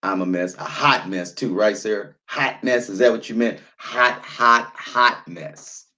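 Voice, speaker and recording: A man's voice: fairly low pitch, normal speed, a bit bright. A man in his thirties hosting a live stream, chatting loosely over wine and reading out viewer comments, often repeating himself and trailing off with fillers. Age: 30s. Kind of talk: casual chat while drinking wine.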